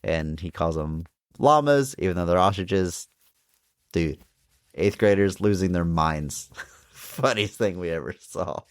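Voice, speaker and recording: A man's voice: low voice, expressive, a little slow, clear, resonant tone. A man in his thirties co-hosting a podcast, playfully telling an anecdote in casual chat. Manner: playful, echoes names for laughs, tells anecdotes. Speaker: podcast co-host.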